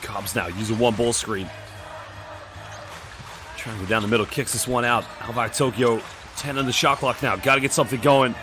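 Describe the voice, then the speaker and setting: A man commentating a live basketball game in a brisk play-by-play manner. His voice sits in an everyday middle pitch. He calls each possession as it happens and reads viewer comments aloud in between. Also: steady tone, over music.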